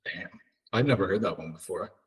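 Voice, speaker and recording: Low-voiced man hosting casually. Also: fairly quick, husky. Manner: brief reactions and questions. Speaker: podcast host. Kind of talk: casual chat.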